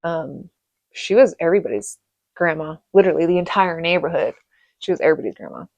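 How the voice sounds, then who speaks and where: A middle-aged woman from Reno telling rambling stories about her childhood, laughing often and filling pauses. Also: low voice, expressive, gravelly, a little mellow, no room sound. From Reno, Nevada. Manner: rambling, chatty, laughs often, many fillers. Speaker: vlogger. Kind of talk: casual storytelling monologue.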